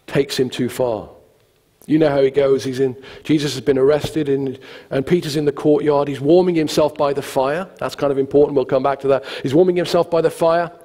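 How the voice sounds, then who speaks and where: A man's voice: medium pitch, a little mellow. A male pastor preaching a sermon, telling the story with humor. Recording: long reverb, church hall.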